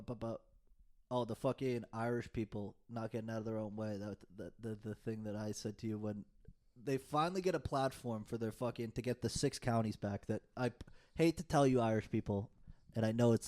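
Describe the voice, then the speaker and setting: A man's voice: on the low side, fairly even intonation, fairly quick, dark tone. A young man, chatting on a podcast in long, rambling, profane rants. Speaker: podcast co-host. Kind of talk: casual chat.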